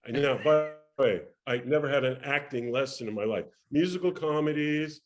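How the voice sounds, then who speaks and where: An older man with a slightly higher voice spins a long showbiz tale in an interview. He acts out every person he quotes and stumbles over quick restarts as the story runs on. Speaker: actor telling a career story as interview guest. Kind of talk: animated anecdote in casual interview.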